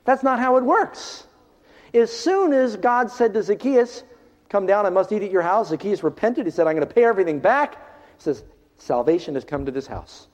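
A man preaching a sermon to a congregation, swinging from loud, ringing passages to hushed ones. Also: high voice, expressive, moderate pace. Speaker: pastor. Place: large hall, in front of a congregation. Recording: dull lo-fi recording in a reverberant hall.

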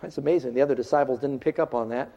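A man preaching a sermon to a congregation, swinging from loud, ringing passages to hushed ones. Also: mid-range voice, rapid-fire, creaky. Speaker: pastor. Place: large hall, in front of a congregation. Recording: dull lo-fi recording in a reverberant hall.

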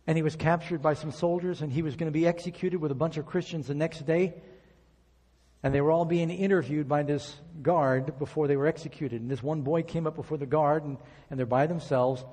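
A man's voice: a little high, steady tone, a little fast, mellow, long reverb tail. A man preaching a sermon, reading scripture aloud and acting out quoted prayers as he tells stories.

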